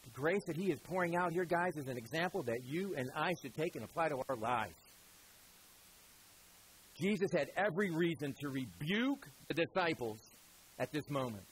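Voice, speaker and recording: A man preaching a sermon as pastor, animated and conversational, with a Southern American accent, sometimes dropping to quiet emphatic lines. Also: fairly high pitch, normal speed, a little hiss or hum, poor audio.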